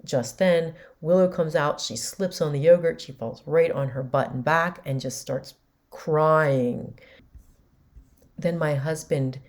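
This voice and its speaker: A woman's voice: low voice, slow pace, darkish tone. A woman host candidly recounting a personal story in a conversational way. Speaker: podcast host.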